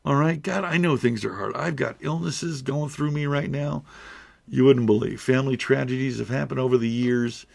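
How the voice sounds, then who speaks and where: A man's voice: mid-range voice, moderate pace, creaky, darkish tone. A middle-aged man speaking earnestly and emotionally to camera, rambling and restarting as he goes. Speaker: YouTuber. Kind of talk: heartfelt direct-to-camera talk.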